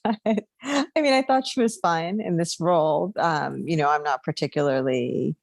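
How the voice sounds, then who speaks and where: A woman's voice: low voice, normal speed, gravelly, no room sound. A woman co-hosting a podcast in casual chat, laughing often and chatty with many fillers. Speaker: podcast co-host.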